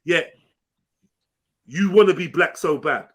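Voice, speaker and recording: A man's voice: on the high side, slow, a bit bright. A man, ranting angrily and swearing on a live panel show. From England. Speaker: panel host. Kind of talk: heated live panel discussion.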